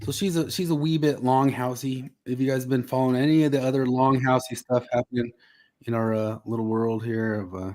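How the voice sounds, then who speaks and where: A man's voice: mid-range voice, steady tone, brisk, a little mellow. A man hosting a podcast in casual chat. His voice sits in an ordinary middle range, and he sounds easygoing and lightly amused as he moves topics along.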